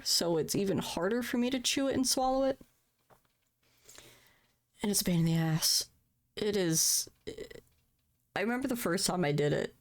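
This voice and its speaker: A woman live-streaming in casual chat, candid and profane, laughing at her own troubles. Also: on the low side.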